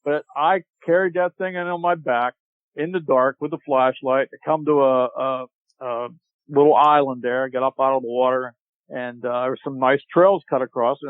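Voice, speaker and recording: A man guest on a podcast, telling a long hunting story in a casual, animated way and acting out what people said. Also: mid-range voice, brisk, dry recording. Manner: animated storyteller, acts out shouted quotes. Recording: tinny phone-like line, dry.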